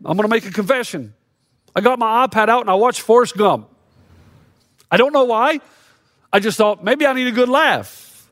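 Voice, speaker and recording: A man's voice: very high-pitched, expressive, normal speed, long pauses, fairly bright tone, no room sound, clean studio sound. A middle-aged man preaching a sermon as a pastor, telling stories and acting out quoted lines with rising intensity.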